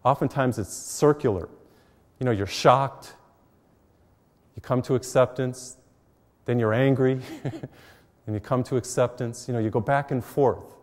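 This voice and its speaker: A middle-aged priest preaches in a relaxed, conversational way, weaving homely personal stories into his sermon. His voice sits at an ordinary middle pitch for a man. The sound carries a long reverb from the church around him. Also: unhurried, long pauses. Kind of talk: televised sermon. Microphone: mic while facing cameras.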